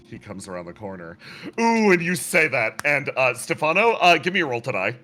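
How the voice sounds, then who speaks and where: A man's voice: medium pitch, sing-song, normal speed, pushed and bright, faint music behind. A man running a tabletop game as game master, narrating with lots of laughter.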